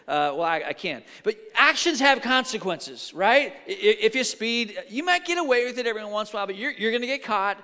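A man's voice: high voice, expressive, moderate pace, hardly any pauses, bright, forceful tone. A middle-aged male pastor delivering a sermon in a church sanctuary, telling stories animatedly and acting out the quotes. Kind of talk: sermon with storytelling. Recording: long hall reverb.

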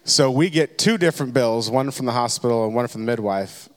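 Man, pastor, 30s, sermon storytelling, candid and self-deprecating, average pitch, hall reverb. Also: a little fast.

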